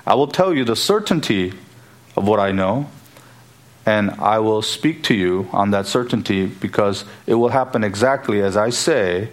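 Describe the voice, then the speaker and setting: A man's voice: on the low side, animated, normal speed, close to an everyday voice. A man preaching voices a confident male teacher correcting a boastful follower, in a firm and emphatic conversational tone. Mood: firmly assured.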